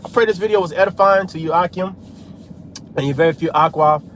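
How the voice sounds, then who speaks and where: A man's voice: on the high side, brisk, fairly bright tone, slight background noise. A man preaching in a casual street style, scattering "man" and "hey" through his talk while he drives. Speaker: religious vlogger.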